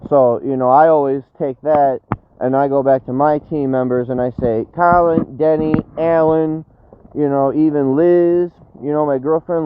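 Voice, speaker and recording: A man's voice: medium pitch, steady tone, measured pace. A man chatting casually on a live stream, brash and slangy, swearing freely. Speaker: storm chaser streaming live. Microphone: phone. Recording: tinny phone-like audio with faint noise.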